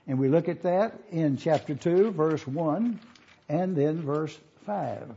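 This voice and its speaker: A man's voice: on the high side, slow, vocal fry, dark tone, slightly rough, highs cut off. A man preaching a sermon in an auditorium, teaching and asking listeners to follow along in their Bibles.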